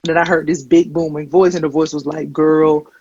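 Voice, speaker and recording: A woman comedian performing a stand-up set, telling stories with deadpan, wry asides into a handheld stage mic. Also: low voice, fast talker, husky, no room sound, dull audio. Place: comedy stage before a live audience.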